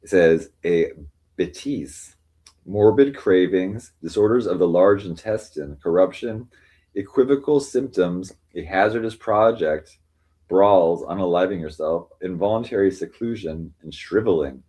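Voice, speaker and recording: A man hosts a casual livestream from home and reads strange fortune cards aloud. His voice sits low and mellow. He rambles, piles up fillers, and reels off lists of meanings. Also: measured pace, low-quality recording. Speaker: livestream host reading cards.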